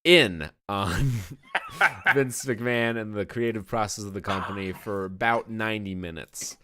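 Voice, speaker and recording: A man's voice: lowish voice, unhurried, pushed and bright, a little hiss or hum. A man co-hosting a podcast, talking casually and emphatically, swearing now and then. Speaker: podcast co-host. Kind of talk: casual wrestling review chat.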